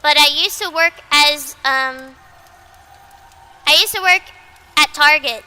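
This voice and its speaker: A woman VTuber speaks slowly in a high, bright, forceful voice during a casual livestream chat. She rambles, repeats herself, swears freely, and mocks herself bluntly.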